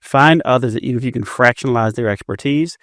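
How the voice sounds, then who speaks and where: A man's voice: mid-range voice, quick pace, a bit bright, dry recording, clean studio sound. A man in his fifties, a business guest telling stories in a casual interview, often repeating words as he starts a sentence. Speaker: entrepreneur guest.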